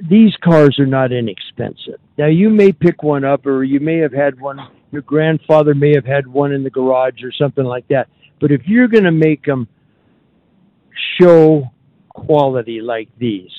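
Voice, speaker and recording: A man's voice: on the high side, dry recording, narrow, tinny audio. A man hosting a radio talk show, chatting in a folksy, rambling way with frequent fillers. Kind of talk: casual radio chat. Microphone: studio microphone.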